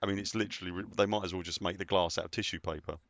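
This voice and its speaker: A man's voice: low-pitched, steady tone, rapid-fire, a bit bright, dry recording. A man casually chatting while live-streaming a game, rambling and answering viewers as he plays.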